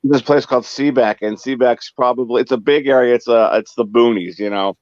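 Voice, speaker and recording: A man's voice: mid-range voice, brisk, darkish tone, no echo, muffled recording. A man telling stories in casual chat, putting on voices for the people in them. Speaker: guest.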